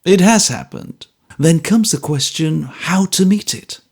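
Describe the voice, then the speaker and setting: Bluff ex-soldier, read by a man, polite but immovable, gravelly, lively delivery. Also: on the high side, unhurried, pitched above the performer's own voice, heavily acted. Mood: firm, polite. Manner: steady, polite, stubborn. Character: bluff good-humoured ex-soldier, man, middle-aged. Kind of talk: audiobook character reading.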